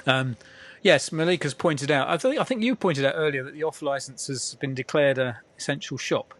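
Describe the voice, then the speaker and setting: Chatty guy hosting an interview, rambles a lot, slightly high voice. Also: moderate pace, fairly bright tone. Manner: chatty, rambling, many fillers. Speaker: interviewer, host. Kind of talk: casual video-call interview.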